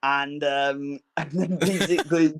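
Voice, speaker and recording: Young man, somewhat high voice, rambling storyteller, lots of fillers, casual podcast chat. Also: steady tone, a little slow, slight background noise. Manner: rambling storyteller, many fillers and restarts, acts out quotes in a higher voice. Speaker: podcast co-host.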